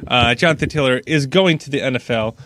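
A man's voice: medium pitch, fairly quick, a bit bright, slight background noise. A middle-aged man co-hosting a casual sports podcast, rambling and laughing often as he vents his frustration.

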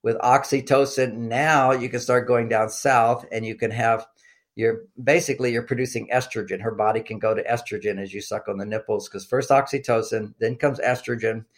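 A man's voice: mid-range voice, steady tone, moderate pace. An older man, a guest expert on relationships, explaining in casual interview talk with frequent fillers and restarts and a coaching tone.

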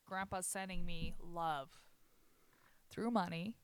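A woman's voice: lowish voice, steady tone, slow, clean tone, dry recording. A young woman hosting a podcast, talking candidly and rambling, laughing often. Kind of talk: casual chat.

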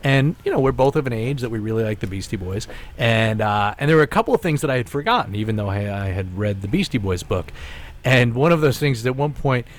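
A man in his forties telling a long story in casual podcast chat, with restarts and animated asides. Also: mid-range voice, fast. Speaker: podcast host.

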